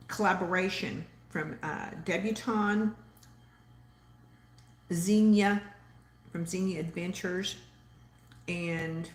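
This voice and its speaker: A woman's voice: on the low side, echoey room. A woman with a Southern accent hosting a casual live-stream chat, rambling chattily and reading viewer comments aloud. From Texas. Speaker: host.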